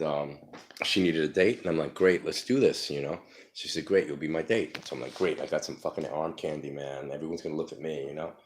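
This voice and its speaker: A man's voice: a bass voice, slight background noise. A man telling his life story casually, profane and rambling, full of fillers, acting out the people in his stories.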